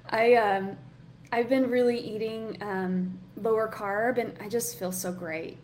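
A woman leads a live online workshop, chatty and encouraging. Her voice sits somewhat high. A faint noise runs under her talk. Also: fairly even intonation, slow pace, darkish tone. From Southern US. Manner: chatty, encouraging, reads chat comments aloud. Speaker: coach, workshop host.

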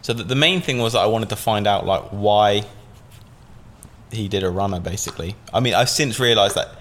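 A man's voice: lowish voice, a little fast, a bit bright. A man from Southampton, telling a long story as a podcast guest in a casual, rambling way, full of fillers and swearing. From Southampton, England.

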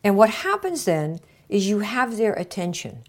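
A woman hosting a marketing podcast, coaching listeners in a casual way and acting out little conversations with bright shifts of tone. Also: mid-range voice, normal speed. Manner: acts out little dialogues with lively shifts of tone.

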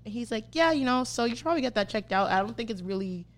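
Talking very fast in a mid-range voice, a young adult podcast host spins a story with plenty of swearing. Her casual delivery is animated, and she performs the quotes of the people involved.

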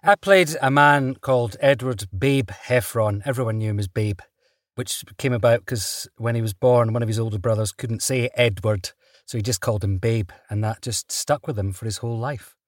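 A man, an actor guest, telling stories in a relaxed interview, chatty and quick to laugh. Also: medium pitch, no echo, clean studio sound. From Britain. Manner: chatty, laughs often, restarts mid-sentence.

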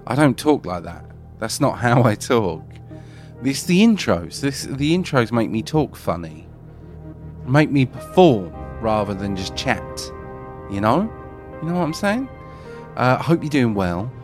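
A man's voice: medium pitch, big pitch swings, unhurried, darkish tone. A man hosting a podcast, chatting casually in a rambling, self-deprecating way. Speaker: podcast host. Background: music.

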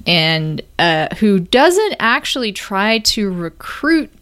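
A woman's voice: medium pitch, sing-song, takes it slowly, fairly bright tone. A woman co-hosting a podcast in casual chat, thoughtful, often restarting her sentences and laughing easily. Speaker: podcast co-host.

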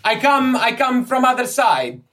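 Man plays anxious Italian scholar in a tabletop game, raised pitch, stammery broken English, Italian accent. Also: big pitch swings, a little slow, a bit bright, heavily acted. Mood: eager. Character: nervous middle-aged Italian Egyptologist man.

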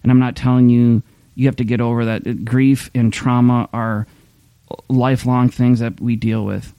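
A man's voice: mid-range voice, level tone, normal speed, dark tone, clean tone, no room sound. A man preaching a sermon in a candid, conversational way, often restarting his sentences. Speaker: pastor. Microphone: streaming camera mic.

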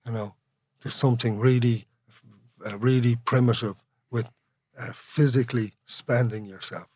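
A man's voice: mid-range voice, steady tone, normal speed, darkish tone, breathy edge, no room sound. A man with an Irish accent talking as an interview guest, rambling and candid, laughing often and swearing freely. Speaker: guest, musician. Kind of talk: casual conversational interview.

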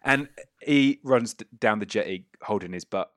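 A man's voice: lowish voice, normal speed, fairly bright tone, a little hiss or hum. A man narrating a tabletop game as game master, rambling with many fillers and restarts.

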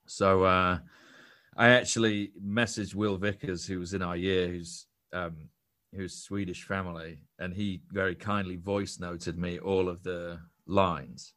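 A man's voice: sits low, level tone, a little slow, fairly bright tone. A young man, a podcast guest and actor, telling a self-deprecating story in casual chat with frequent restarts.

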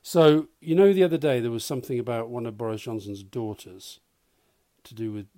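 A man's voice: medium pitch, a little fast, dark tone, no room sound. A man co-hosting a podcast, chatting in an easygoing, dry-humoured way. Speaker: podcast co-host. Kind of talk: casual chat.

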